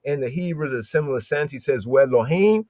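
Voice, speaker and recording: A man's voice: medium pitch, expressive, a little fast, darkish tone, no echo. Man teaching scripture in a casual way. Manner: conversational, repeats Hebrew words for emphasis, many fillers. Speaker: podcast host teaching scripture. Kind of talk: casual Bible teaching talk.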